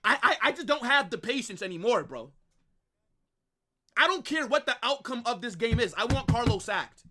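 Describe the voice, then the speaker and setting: A man's voice: very high voice, very animated, moderate pace, a little hiss or hum. Ranting young man on a live watch-along. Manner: ranting, exasperated, shouting in bursts. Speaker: fan stream host.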